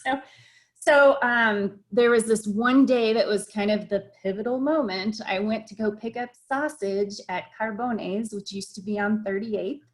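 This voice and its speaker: A woman's voice: mid-range voice, unhurried. A woman restaurant owner telling a story in a video call interview, reflective, with frequent fillers and restarts. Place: home office at a computer.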